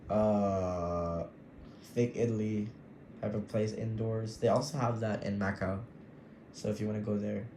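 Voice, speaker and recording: A man's voice: on the low side, warm tone, slight background noise. A young man rambling through a casual personal podcast, giddy and affectionate. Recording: roomy echo with faint ambience.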